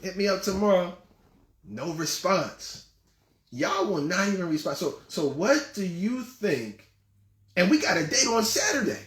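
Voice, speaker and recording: A man's voice: high voice, very animated, measured pace, fairly bright tone, reverberant. A man hosting his own show, giving relationship advice in a blunt, scolding and mocking way, often laughing at his own points. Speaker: host and life coach.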